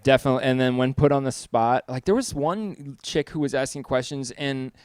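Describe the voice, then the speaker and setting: A man co-hosting a casual show, chatting in a rambling, profane and animated way. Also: medium pitch, brisk, smooth, no room sound, clean studio sound. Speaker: co-host. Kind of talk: casual chat.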